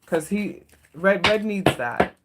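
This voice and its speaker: A woman doing a live stream tarot reading, speaking to viewers in a gentle, emotional, comforting way that turns tearful at times. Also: medium pitch, expressive, slow, heavy background noise. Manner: emotional, comforting, talks to chat. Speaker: tarot reader.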